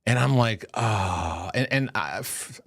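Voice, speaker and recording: An American podcast host who used to be a pastor tells a story in casual conversation, quoting people and repeating words as an animated storyteller. His voice is lowish at a normal speed, recorded with clean studio sound and no room noise.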